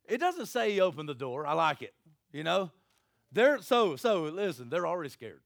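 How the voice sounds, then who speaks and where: A man's voice: on the high side, big pitch swings, normal speed, creaky, dry recording, clean studio sound. A man preaching a sermon, folksy and joking, acting out Bible scenes in little voices. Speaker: pastor.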